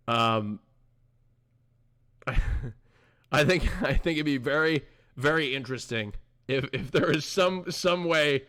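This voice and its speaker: A man's voice: mid-range voice, fairly bright tone. A young man hosting his podcast on a live stream, rambling casually and talking back to his chat.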